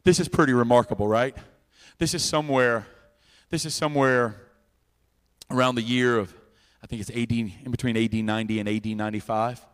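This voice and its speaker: A middle-aged man preaching a revival sermon into a church microphone, loud and impassioned, dropping into quiet asides and repeating words in quick runs. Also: medium pitch, fairly even intonation, smooth. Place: church sanctuary with a sound system. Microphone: handheld or stand microphone, volume adjusted by the sound man.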